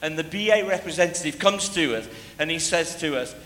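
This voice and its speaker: A man preaching a sermon, telling a story in a lively way and sometimes breaking into shouts as he acts it out. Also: fairly high pitch, brisk. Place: church hall. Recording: echoey hall, faint ambience.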